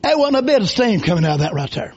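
Preacher guy, super high voice, folksy then yelling, muffled lo-fi church recording. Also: sing-song, fast talker, breathy edge. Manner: folksy, rising into shouted bursts. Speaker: visiting preacher. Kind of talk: revival sermon. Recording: dull lo-fi recording.

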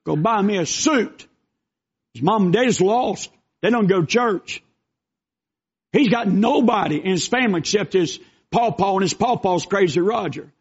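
An older man delivers a sermon in a strikingly high voice. He swings between shouted exhortation and folksy storytelling. The recording is dull and lo-fi. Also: moderate pace, breathy edge. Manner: preaching with shouted bursts and folksy asides. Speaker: pastor. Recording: dull lo-fi sound.

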